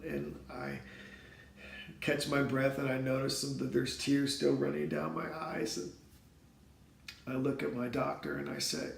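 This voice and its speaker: Gravelly man telling his story in an echoey room. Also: medium pitch, a little mellow. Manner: earnest, emotional, halting with repeated words. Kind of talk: personal storytelling to camera. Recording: roomy echo.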